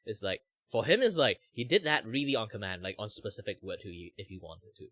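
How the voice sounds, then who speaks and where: Malaysian-accented male streamer, lowish voice, dry close sound, rambling chatty delivery. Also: very animated, a little fast, a bit bright, no echo. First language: Chinese. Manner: chatty, many "like" fillers, laughs often. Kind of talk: casual chat.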